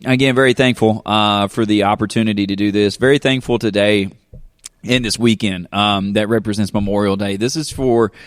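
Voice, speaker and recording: Man, Southern Kentucky drawl, pastor hosting a podcast, rambling and jokey, lowish voice, dry close sound. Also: steady tone, normal speed, no echo. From Kentucky, United States. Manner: rambling, jokey, lots of fillers and asides. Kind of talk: casual podcast chat.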